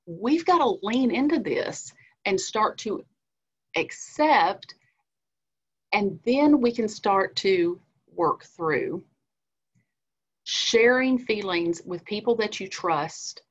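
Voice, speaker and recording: A woman, a licensed counselor giving an earnest, conversational webinar talk on coping with feelings. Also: mid-range voice. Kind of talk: webinar presentation. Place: indoors, online webinar. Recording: muffled lo-fi audio.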